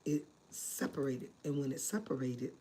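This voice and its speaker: A woman voicing a male surgeon as she quotes him, grave and quiet. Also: a bass voice, steady tone, moderate pace, a little hiss or hum, voice pushed down. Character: grave male surgeon breaking bad news.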